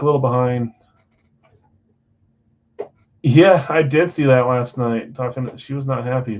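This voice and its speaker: A man's voice: mid-range voice, a little mellow. Casual male card-break host, easygoing, reading a list, slightly muffled stream audio. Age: adult, married. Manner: chatty, rattling off names and teams. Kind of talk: casual live-stream chat. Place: basement card room.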